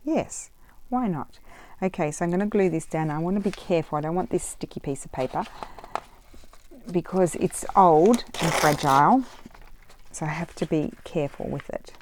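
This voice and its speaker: A woman's voice: lowish voice, animated, normal speed, noisy background. A woman vlogging casually as she makes paper crafts, thinking aloud and drifting off on tangents. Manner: rambling, chatty, wanders off on tangents; thinks aloud while working. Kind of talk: casual chat while crafting.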